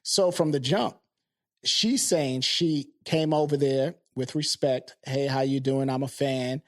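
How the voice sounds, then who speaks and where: A man's voice: medium pitch, slow pace. A man co-hosting a podcast in casual chat, chiming in with short agreements and retelling stories. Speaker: podcast co-host.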